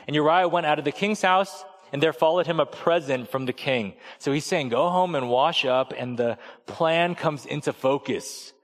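A man in his thirties preaching a sermon in a relaxed, conversational storytelling way, acting out voices as he goes. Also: mid-range voice. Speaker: pastor. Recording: long hall reverb.

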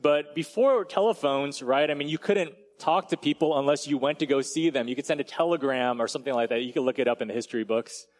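A man's voice: mid-range voice, fast, hardly any pauses. A man delivering a sermon as a pastor, telling a story in a casual, chatty way with frequent asides to the congregation. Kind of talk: conversational sermon.

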